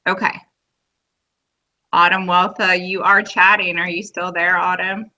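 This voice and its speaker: A woman's voice: lowish voice, level tone, a little slow, bright, forceful tone. A woman hosting a casual live-stream chat on her phone, chatty and easily amused. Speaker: host of a live video chat. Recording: muffled lo-fi phone audio.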